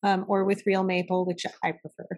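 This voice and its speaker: A woman's voice: mid-range voice, level tone, fairly quick, a little mellow. A woman co-hosting a podcast in casual chat, talkative and swearing freely. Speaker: podcast co-host.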